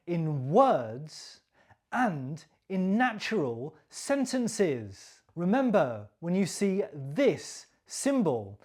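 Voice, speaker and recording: A woman leads a beginner pronunciation drill, pronouncing every sound with careful, deliberate clarity. She speaks very slowly, and her intonation rises and falls widely so learners can copy it. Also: fairly low pitch, darkish tone, slightly rough. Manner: careful, deliberate enunciation with exaggerated intonation for repetition. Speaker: pronunciation teacher. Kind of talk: slow scripted pronunciation drill.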